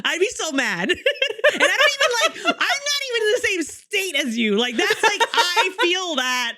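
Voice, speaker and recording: A woman's voice: extremely high pitch, very animated, moderate pace, pushed and bright. A woman co-hosting a casual book discussion podcast, giggly and rambling, swearing casually. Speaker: podcast co-host.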